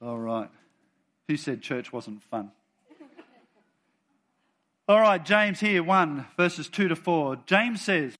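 A man preaching to his church, moving between soft chatty asides and loud, bold readings of scripture. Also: a little high, expressive, slow, long pauses. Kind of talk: sermon.

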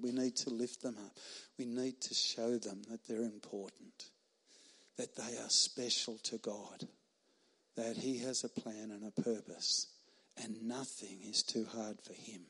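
Middle-aged male chaplain preaching, earnest and emphatic, pauses for effect, mid-pitched voice. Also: fairly bright tone. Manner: earnest, emphatic, with pauses and laughs at his own stories. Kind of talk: sermon.

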